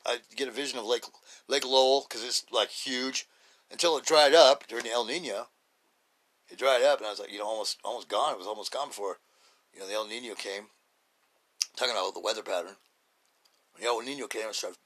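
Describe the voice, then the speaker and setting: A man's voice: medium pitch, a bit bright. A middle-aged man hosting a podcast, talking in a blunt, rambling casual monologue full of fillers and restarts. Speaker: podcast host.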